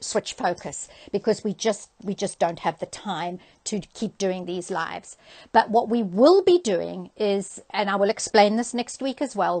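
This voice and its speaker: Brief: older woman, sewing educator, easygoing chatty phone live-stream host, plenty of fillers. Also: mid-range voice. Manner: chatty, friendly, with frequent ums and uhs. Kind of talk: casual live-stream announcements. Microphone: handheld phone.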